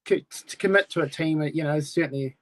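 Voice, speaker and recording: A New man talks easily as a guest on a chat show, filling his answers with "yeah" and "you know". His voice sits a little higher than most men's. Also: quick pace. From New Zealand. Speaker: speedway club guest. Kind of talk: casual interview answers.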